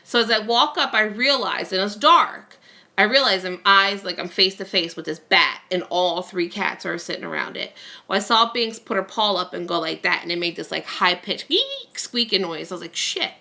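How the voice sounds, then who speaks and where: Gravelly bright-voiced woman rambling. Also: mid-range voice, animated, normal speed. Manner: rambling storyteller, many fillers. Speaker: craft vlogger. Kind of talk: casual chat while crafting. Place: at home.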